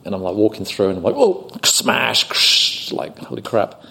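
A British man telling a story on a podcast, animated and often laughing as he acts out the people he quotes. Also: low voice, fast, vocal fry, husky. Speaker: podcast guest, actor. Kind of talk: casual anecdote telling.

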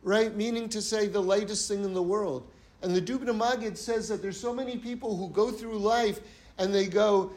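High-voiced man giving a Torah talk. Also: fairly even intonation, moderate pace, darkish tone. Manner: earnest, repeats points for emphasis, tells parables. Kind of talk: sermon-style Torah talk.

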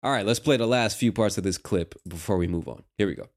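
Deep-voiced American man explaining patiently. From United States. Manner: slow, patient explanations with casual asides. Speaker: host. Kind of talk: explaining a clip for learners.

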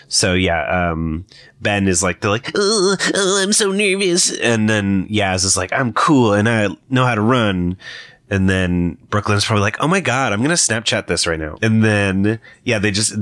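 A man's voice: sits low, fairly bright tone, dry recording, clean studio sound. A young man giving a casual, rambling commentary, full of fillers and self-corrections. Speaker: video commentator. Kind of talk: casual trailer breakdown commentary.

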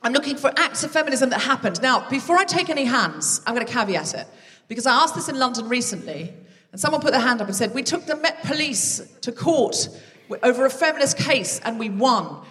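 A woman hosting a live comedy podcast, chatting and teasing the audience from a theatre stage with quick asides. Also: fairly high pitch, lively intonation, a bit bright. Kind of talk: live stand-up crowd work. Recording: live theatre recording with long reverb.

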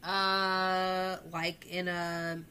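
A woman's voice: on the low side, flat delivery, drawn-out words, pushed and bright, clear, resonant tone. A young woman co-hosting a casual movie podcast, chatty and giggly, often quoting lines from films. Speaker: podcast co-host.

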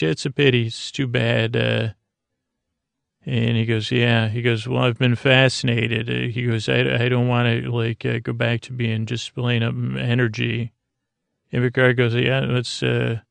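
Guy half-asleep retelling an episode, lots of uh and restarts, gravelly voice, dry close mic. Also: mid-range voice, no room sound. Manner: drowsy, halting retelling with many fillers and restarts. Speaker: podcast host. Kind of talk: sleepy comedic episode recap.

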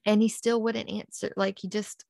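A woman's voice: medium pitch, level tone, moderate pace, creaky, a little mellow, dry recording, clean studio sound. A woman, a podcast guest, earnestly recounting a personal story and acting out past conversations in quotes.

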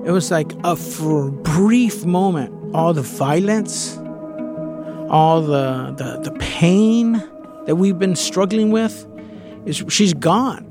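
A man's voice: fairly high pitch, animated, takes it slowly, over music. A man candidly telling a personal story in a conversational way, with the odd curse word. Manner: candid, conversational, with occasional swearing.

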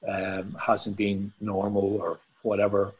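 An Irish man with a low, husky voice chats as a guest on a podcast. He talks in a reflective, halting way, often restarting his sentences and filling pauses. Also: completely flat delivery, darkish tone, rough recording. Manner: reflective, hesitant with many restarts and fillers. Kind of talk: casual conversation.

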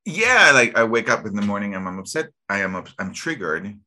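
A man's voice: on the low side, sing-song, a little fast, bright, forceful tone. A man on a group video call, rambling about his day with self-mocking humor. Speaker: call participant. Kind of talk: casual group chat.

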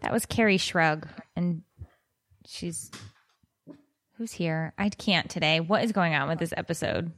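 A woman's voice: lowish voice, measured pace, long pauses, dry recording. Exasperated woman podcast co-host, dry sound. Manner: joking, exasperated, animated storytelling. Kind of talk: casual chat.

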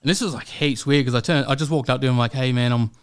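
A man's voice: mid-range voice, fairly even intonation, fast talker, clear, resonant tone. A young Australian man, a guest comedian, rambling and swearing through a casual podcast story. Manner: rambling, swears a lot, acts out quotes.

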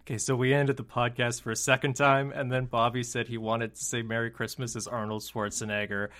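A man's voice: mid-range voice, level tone, brisk, heavy background noise. A man co-hosting a casual movie podcast, opinionated and teasing. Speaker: podcast co-host.

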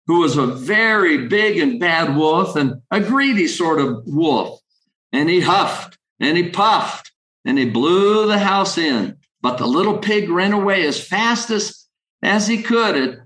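A man reading a children's story slowly and deliberately, then giving a motivational leadership talk. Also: fairly high pitch, a bit bright, roomy sound, poor audio. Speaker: leadership speaker.

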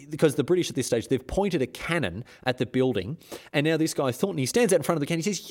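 A man's voice: a little high, animated, fast talker, darkish tone. A man hosting a comedic history podcast, who tells the story in an irreverent, rambling way and often stumbles and restarts. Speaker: host.

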